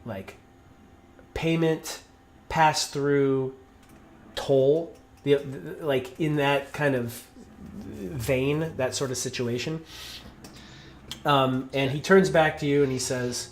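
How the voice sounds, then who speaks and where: A man's voice: medium pitch, steady tone, takes it slowly, pauses often, slight background noise. A man narrating a tabletop game as game master, in a loose way full of ums and likes. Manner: loose, fillers like um and like.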